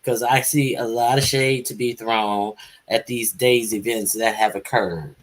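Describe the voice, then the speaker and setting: A woman's voice: rumbling low, steady tone, measured pace. A woman hosting a casual live stream, chatting and calling guests up to speak. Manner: chatty, calls out guests by name.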